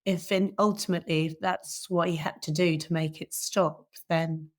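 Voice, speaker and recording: British woman guest, middle-aged, lowish croaky voice, frank and steady storytelling. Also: moderate pace. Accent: British English. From England. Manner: frank, steady, occasionally swearing. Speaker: interview guest. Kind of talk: candid personal storytelling.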